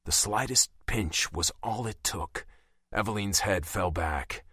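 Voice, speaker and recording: A man narrating a romance audiobook in the first person, confident and lively. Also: deep voice, a little slow, husky, dry recording, clean studio sound.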